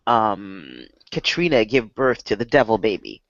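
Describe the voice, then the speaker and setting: A woman co-hosting a casual podcast, blunt and exasperated and quick to swear. Her pitch swings widely as she talks. The audio is dry and a little muffled. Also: sing-song, vocal fry, dry recording. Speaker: podcast co-host. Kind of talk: casual chat.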